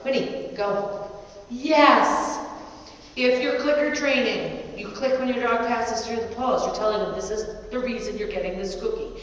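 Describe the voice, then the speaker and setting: A woman's voice: fairly high pitch, steady tone, brisk, few pauses. A woman dog agility trainer demonstrating a training step, chatting casually and breaking off to coax and cheer on her dog. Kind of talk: instructional demonstration. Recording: distant, echoey, muffled, faint ambient noise.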